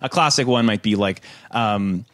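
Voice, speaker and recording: A young man co-hosting a podcast, talking in a deadpan, joking way in casual chat. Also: lowish voice, moderate pace, no echo, studio quality. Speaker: podcast co-host.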